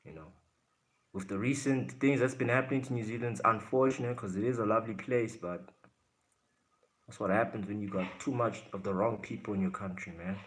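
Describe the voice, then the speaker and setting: A man's voice: lowish voice, fairly quick. A man from South Africa hosting a live stream, casually answering his chat in a blunt way and laughing often.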